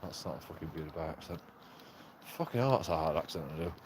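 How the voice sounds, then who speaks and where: A man's voice: very deep voice, lively intonation, fast, a little mellow, slight background noise. A man, rambling and swearing in a casual vlog monologue with frequent chuckles. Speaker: vlogger.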